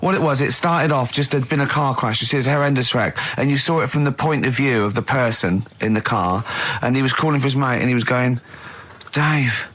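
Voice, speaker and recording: A man's voice: medium pitch, fast, hardly any pauses, fairly bright tone. A man co-hosting a comedic radio show, telling stories in a wry, teasing, amused manner. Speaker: radio co-host. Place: radio studio.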